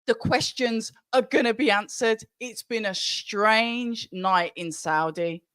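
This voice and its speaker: A woman hosting a live fight watch-along stream, chatty and excitable, talking straight to her viewers. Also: fairly high pitch, slow, smooth, dry recording. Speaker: livestream watch-along host.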